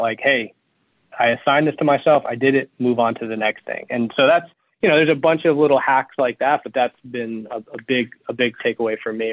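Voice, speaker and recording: A man who runs a law firm explains his methods as a guest in an interview. He sounds energetic and practical, and he repeats words as he works out his thoughts. His voice reaches you through a narrow, phone-like line with a completely dry sound. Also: mid-range voice, no echo. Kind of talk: interview conversation.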